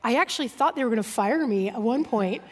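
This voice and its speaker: A woman with a high, bright voice tells a story from her own life to a gathering. She pokes fun at herself, laughs easily and acts out both voices of each exchange. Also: fast talker. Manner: self-deprecating, lively, laughs often. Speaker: speaker sharing testimony. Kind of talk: humorous personal testimony.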